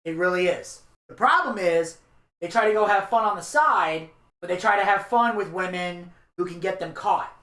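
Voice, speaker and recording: A man's voice: sits high, moderate pace, bright, forceful tone. Podcast guy rambling on with crude hot takes, casual chat, echoey room. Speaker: podcast co-host.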